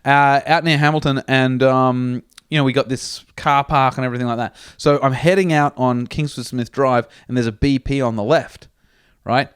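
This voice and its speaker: A man's voice: mid-range voice, fairly even intonation, normal speed, clean tone, no echo, clean studio sound. A man co-hosting a comedy podcast, telling a crude, rambling story in casual chat. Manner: rambling, crude, laughs at his own jokes.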